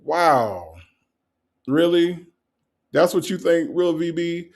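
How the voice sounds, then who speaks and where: Man, livestream host, gravelly, slightly high voice, teasing, laughs a lot. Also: lively intonation, normal speed, a little mellow. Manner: teasing, laughs often, repeats rhetorical questions. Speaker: livestream host reading chat. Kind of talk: casual live commentary.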